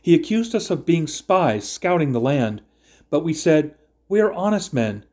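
A man's voice: fairly high pitch, very animated, unhurried, darkish tone, voice pushed up. Man reading anxious group of brothers, protesting their honesty. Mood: recounting. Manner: anxious, explaining.

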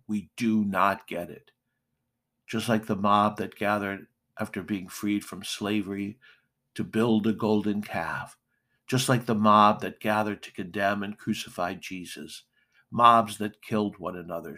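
Slow, deep-voiced preacher man. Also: a bit bright. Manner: slow, deliberate preaching with emphatic pauses. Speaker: pastor. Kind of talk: sermon.

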